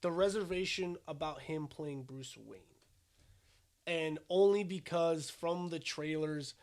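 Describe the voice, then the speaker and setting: A man co-hosting a podcast in casual chat, blunt and quick to argue, swearing freely. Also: fairly high pitch. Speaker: podcast co-host.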